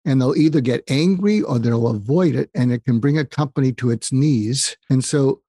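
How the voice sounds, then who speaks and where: A man's voice: medium pitch, normal speed, warm tone, no room sound, studio quality. An older man, a psychiatrist, telling stories and giving earnest advice as an interview guest. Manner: earnest, advising, quotes people in stories. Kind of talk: interview storytelling.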